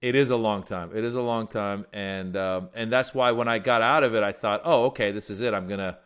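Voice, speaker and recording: A man's voice: lowish voice, brisk, a bit bright, clear, resonant tone. A male comedian who came from Iran as a child and grew up in the United States, telling stories in a casual interview with lots of restarts and fillers. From Iran, raised in the United States. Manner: rambling storyteller with many restarts and fillers. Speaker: comedian guest.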